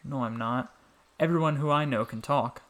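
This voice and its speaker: A man's voice: mid-range voice, normal speed, fairly bright tone, natural voice. A man voicing a curious, earnest little boy in a storybook reading, eager and full of questions.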